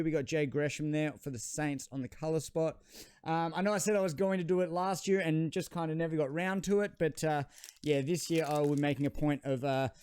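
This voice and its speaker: An Australian trading card channel host gives casual unboxing commentary, chatty and rambling, joking at his own expense. His voice sits a bit high, smooth, resonant and darkish in tone, captured in a close, dry recording with no room echo.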